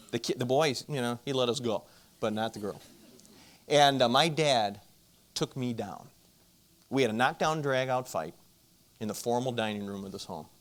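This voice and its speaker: A middle-aged man telling a personal story to an audience, animated and acting out the voices of the people in it. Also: medium pitch. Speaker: marriage conference speaker.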